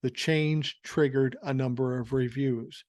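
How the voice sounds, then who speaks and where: A man's voice: medium pitch, fairly even intonation, measured pace, darkish tone, no echo. Profane, sarcastic older male podcaster. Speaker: podcast host. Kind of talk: political commentary rant.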